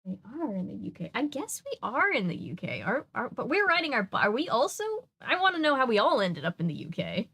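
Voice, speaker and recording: A woman's voice: a little high, sing-song, a little fast, few pauses, a bit bright, husky. Young woman host, chatty reader, breaks off to joke with chat. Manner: chatty, joking asides. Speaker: streamer reading a kids' book. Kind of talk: casual read-aloud with chat asides.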